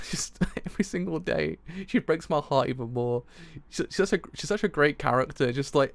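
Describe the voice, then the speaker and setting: An excitable man streams his live reaction, rambling and often breaking into laughter. His voice is gravelly with plenty of fry and swings widely in pitch. The sound is dry and close, with no room echo. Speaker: streamer reviewing a manga chapter.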